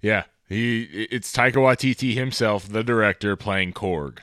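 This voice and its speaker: Smooth-voiced, excited podcast co-host. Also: male voice, fairly low pitch, measured pace, no echo, clean studio sound. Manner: excited, profane, rambling. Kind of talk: casual movie-review chat.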